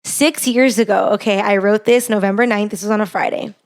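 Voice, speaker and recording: A woman's voice: mid-range voice, fairly even intonation, brisk. A young woman hosting a podcast, telling a personal story in a chatty, heartfelt way, full of fillers. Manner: chatty, heartfelt, lots of "like" and "you know". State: gets emotional. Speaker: podcast host.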